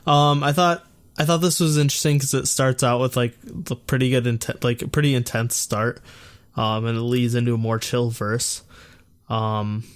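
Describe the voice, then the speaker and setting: Easygoing guy co-hosting a podcast, smooth clean voice. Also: mid-range voice, steady tone, moderate pace. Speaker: podcast co-host. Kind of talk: casual chat.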